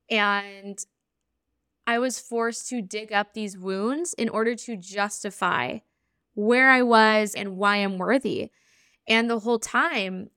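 A woman hosting a podcast as a spiritual practitioner, telling a personal story in an earnest, animated way and acting out the conversations she recalls. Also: mid-range voice, clear, resonant tone, no room sound, clean studio sound.

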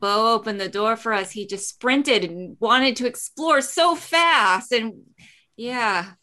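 A woman's voice: a little high, slow pace, sharp tone. A woman playing in a tabletop game, talking casually with some hesitation. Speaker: player.

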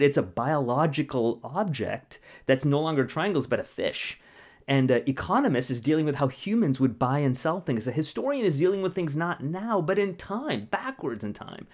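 A man, a mathematician, explaining ideas conversationally with analogies, often checking in with a rhetorical "right?". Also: medium pitch. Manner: animated, asks rhetorical questions and tags "right?". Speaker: mathematician guest.

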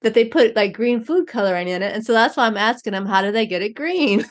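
Higher-voiced woman chiming in with laughs. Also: lively intonation, brisk. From United States. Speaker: interview guest. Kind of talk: casual chat.

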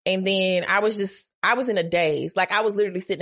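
A woman tells a story as a podcast guest. She swears freely and acts out each quoted line, her voice leaping up for the drama. Her delivery is lively and blunt. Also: fast. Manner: profane, dramatic, acts out quotes with big pitch jumps. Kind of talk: animated storytelling.

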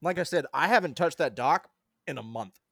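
A man's voice: a little high, lively intonation, a little fast, fairly bright tone, no room sound, clean studio sound. A man co-hosting a casual gaming podcast, joking and defending himself. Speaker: podcast co-host.

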